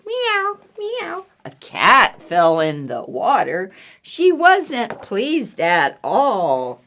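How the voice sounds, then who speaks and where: A woman reading at a library storytime with a lively voice that swoops up and down. She takes her time and moves slowly and deliberately, voicing the animal noises in a playful, sing-song way. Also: medium pitch. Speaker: children's librarian.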